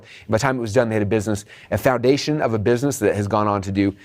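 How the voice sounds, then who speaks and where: Fast-talking upbeat male business coach. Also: fairly low pitch. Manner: energetic, direct, checks in with "okay?"; addresses viewers as "you guys". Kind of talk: motivational video training.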